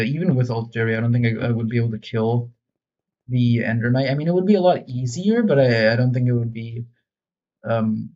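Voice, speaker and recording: A gaming video creator with a mid-pitched, slightly mellow voice offers casual commentary, rambling and mocking himself along the way. The recording is a bit muffled and lo-fi.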